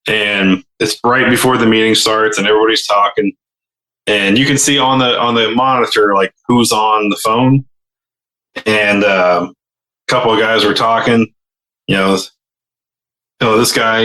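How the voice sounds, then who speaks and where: A man co-hosting a podcast, telling stories in relaxed casual chat, full of "you know". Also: lowish voice, echoey room, rough recording. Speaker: podcast co-host.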